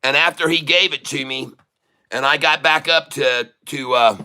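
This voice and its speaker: A man's voice: on the high side, moderate pace, bright, forceful tone, slight background noise. A man hosting a day-trading livestream who chats casually and tells rambling stories full of restarts. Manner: rambling, chatty anecdote telling with many restarts. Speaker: livestream day trader and channel host.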